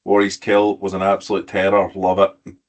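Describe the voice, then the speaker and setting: Laid-back low-voiced podcast co-host man. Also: completely flat delivery, moderate pace. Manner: laid-back, banters, says mate. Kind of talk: casual chat.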